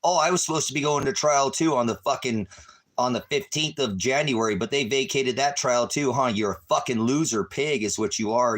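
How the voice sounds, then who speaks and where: A man ranting at his viewers on a livestream, cursing and taunting them, swinging between shouting and low muttering. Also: moderate pace. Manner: angry, cursing, taunting, repeating insults. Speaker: ministry livestreamer. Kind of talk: profane livestream rant at viewers.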